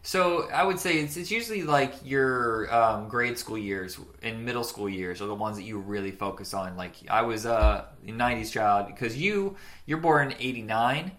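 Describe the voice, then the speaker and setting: A man's voice: medium pitch, lively intonation, normal speed, few pauses, fairly bright tone. A man in his forties co-hosting a podcast, chatting casually and rambling about old cartoons, laughing easily. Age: 40s. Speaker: podcast co-host.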